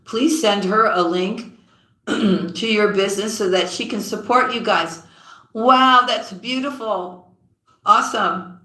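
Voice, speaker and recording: A woman tarot reader chatting on a live stream in an unhurried, drawn-out way, with a bright, forceful tone. She greets viewers affectionately as sweetheart and sis and often trails off low and soft mid-thought. The sound is roomy and echoey. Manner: often drops low and quiet mid-sentence.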